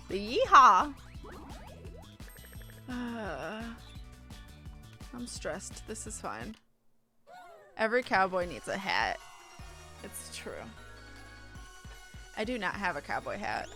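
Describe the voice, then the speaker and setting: A woman's voice: medium pitch, very animated, takes it slowly, pauses often, bright, forceful tone, soft background music. A woman streaming a party game, chatting casually, swearing and laughing often. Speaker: gaming streamer. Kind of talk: casual gameplay chat.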